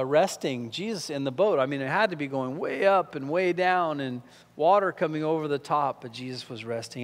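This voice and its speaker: A man's voice: on the high side, big-room sound. A man giving a conversational verse-by-verse Bible teaching, full of rhetorical questions and fillers.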